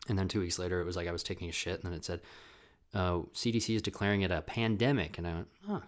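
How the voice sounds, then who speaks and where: A man's voice: deep voice, steady tone, quick pace. A young man hosting his own solo podcast from home, talking in a rambling, profane, self-mocking way. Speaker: podcast host. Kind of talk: casual solo monologue. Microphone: desk camera mic with ring light.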